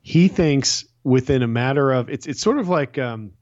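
Man, podcast co-host, animated storyteller, acts out quotes, dull lo-fi audio. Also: mid-range voice, normal speed. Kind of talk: casual chat recapping a TV show.

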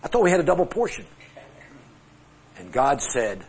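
A man's voice: medium pitch, huge pitch swings, moderate pace, a little mellow, a little hiss or hum. A middle-aged man teaching a Bible class with charts, talking conversationally, asking the class questions and joking at his own expense. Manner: self-deprecating humor.

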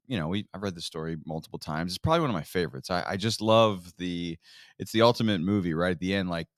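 A man's voice: deep voice, fast, no echo, studio quality. A man co-hosting a faith podcast, casually retelling a Bible story and acting out the quotes. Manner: animated storyteller, acts out quotes. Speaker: podcast co-host.

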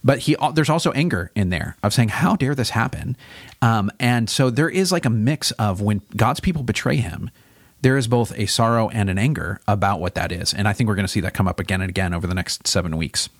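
A man, a pastor co-hosting a podcast, talking through a Bible chapter in a thoughtful, casual way that turns animated when he voices God's questions. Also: lowish voice, a little fast, dry recording, studio quality.

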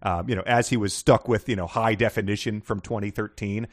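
A man's voice: lowish voice, fairly even intonation, brisk. A man co-hosting a podcast book discussion in casual chat, making wry, dry remarks with chuckles. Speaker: podcast co-host.

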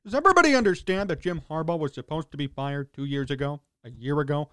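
A man's voice: fairly high pitch, lively intonation, quick pace, hardly any pauses, bright, forceful tone, dry recording. A man hosting a sports talk radio show, ranting in a sarcastic, exasperated way in short punchy fragments.

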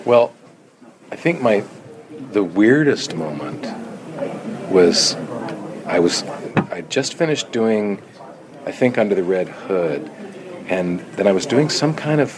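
A voice actor being interviewed at a press junket, answering with dry, deadpan jokes. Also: male voice, lowish voice. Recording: crowded noisy press room.

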